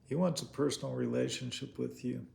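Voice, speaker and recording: A man delivers a casual, heartfelt sermon in a deeply gravelly, creaky voice. He speaks in short, repeated phrases, piling up rhetorical questions at mid pitch. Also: steady tone, brisk, a little mellow. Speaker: preacher. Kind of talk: informal sermon.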